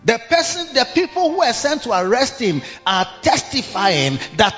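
A man preaching a sermon, reading scripture in a slow King James cadence and rising in pitch when he repeats phrases for emphasis. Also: sing-song, fairly bright tone. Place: church hall. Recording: muffled church recording, long hall reverb.

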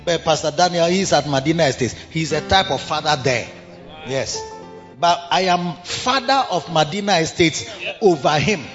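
A man's voice: sits high, fairly bright tone. A man preaching a sermon as pastor, emphatic and full of rhetorical questions to the congregation. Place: church service. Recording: dull long church reverb with music.

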